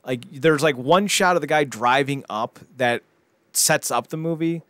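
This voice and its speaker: A man co-hosting a casual podcast, retelling movie plots with lively, mocking energy and frequent stumbles and repeated words. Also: on the high side, a little slow, dry recording. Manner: animated storyteller, mocking voices for quoted characters, frequent repeated words. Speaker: podcast co-host.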